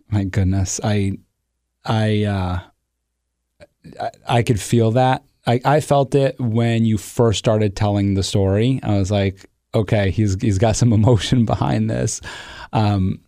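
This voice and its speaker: A man's voice: on the low side, measured pace, mellow, no room sound, clean studio sound. A man hosting a podcast, answering his guest in an earnest, empathetic way with many restarts. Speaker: podcast host. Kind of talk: interview conversation.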